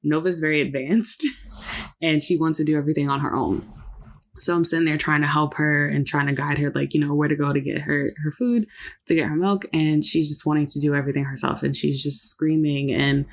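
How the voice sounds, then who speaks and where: A woman's voice: deep voice, flat delivery, fairly quick. Reflective woman podcast co-host. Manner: reflective, faith-filled storytelling. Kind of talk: casual chat.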